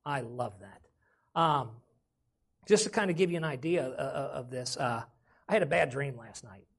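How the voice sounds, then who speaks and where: A man's voice: mid-range voice, lively intonation, moderate pace, slightly rough. A man preaching a sermon as pastor, with folksy casual grammar and frequent calls of "amen?".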